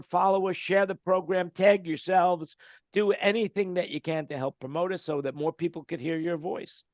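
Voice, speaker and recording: A man with a high voice hosting a casual panel over a video call. He jokes and rambles, letting his lines fade out, and the call audio is dull and dry. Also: no echo. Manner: jokey, rambling, trails off quietly. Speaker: host.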